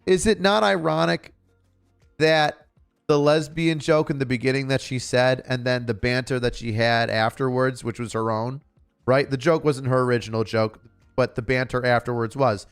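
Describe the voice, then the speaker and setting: A man's voice: mid-range voice, steady tone, normal speed, creaky, clear, resonant tone, soft background music. A man streaming a reaction to a comedy special, ranting in a sarcastic, exasperated way with lots of fillers and swearing. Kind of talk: casual reaction commentary.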